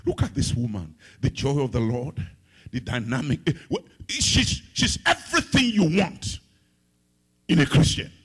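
A middle-aged man from Africa preaching a sermon as pastor, swinging between loud sung-out phrases and hushed, low asides. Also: wildly swooping pitch, a little slow, breathy edge.

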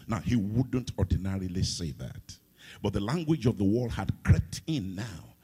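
Middle-aged man from Africa, pastor, sermon, husky, very lively pitch, sung-out lines and hushed asides. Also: moderate pace. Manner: dramatic preaching, swinging between loud sung phrases and hushed low asides.

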